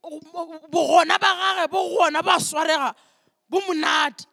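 A live interpreter renders a sermon phrase by phrase, often halting and repeating syllables while looking for the right word. The voice is very high and bright, and the recording is dry and close. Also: steady tone, vocal fry, dry recording.

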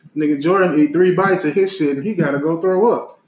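A man's voice: fairly high pitch, a little fast. A man joining a casual chat, teasing and laughing at a friend. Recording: echoey room, voices around.

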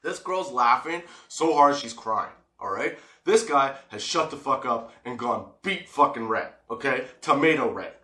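A man vlogging, telling a personal story in casual, profane, animated talk and laughing often. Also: medium pitch, a little slow, few pauses, echoey room.

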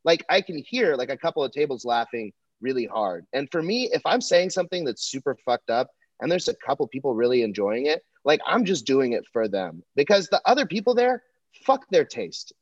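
A young man, a comedian, chatting casually in a rambling, profane, animated way. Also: medium pitch, a little fast, no echo. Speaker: comedian and podcast co-host. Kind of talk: casual chat. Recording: dull lo-fi dry sound.

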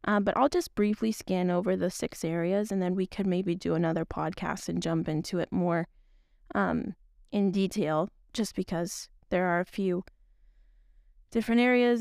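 A young woman hosts a podcast of casual faith talk, speaking in an earnest, rambling way with lots of restarts. Her voice is lowish and gravelly with a darkish tone, recorded at studio quality with no echo.

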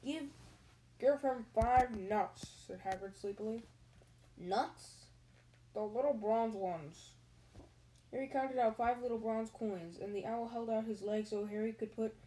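A woman's voice: fairly high pitch, steady tone, warm tone, poor audio. Casual woman reading a novel aloud. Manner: casual, pauses to chat and answer questions. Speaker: reader.

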